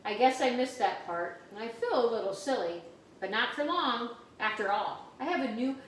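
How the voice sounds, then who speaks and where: A woman teacher reads a picture book aloud to her class and explains new words to the children as she goes. Her voice is higher-pitched and very animated, swooping up and down. It sounds heavily echoey, as if it was recorded in a room some distance from the mic. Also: moderate pace, a little hiss or hum.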